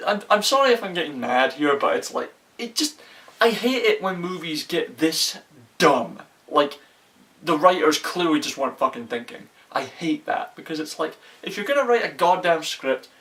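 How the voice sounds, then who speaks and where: A man's voice: fairly high pitch, very animated, moderate pace, a bit bright. Profane rambling man reviewing a movie. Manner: profane, exasperated, rambling with restarts. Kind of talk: casual ranting movie review. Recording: voice a bit far from the mic.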